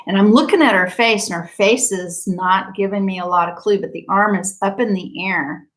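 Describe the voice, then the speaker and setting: A woman in a casual storytelling monologue with a voice of middling pitch. She talks in a chatty, animated way, full of fillers, and acts out what others said. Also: moderate pace, poor audio. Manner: animated, acts out quoted speech. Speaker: quantum healing practitioner.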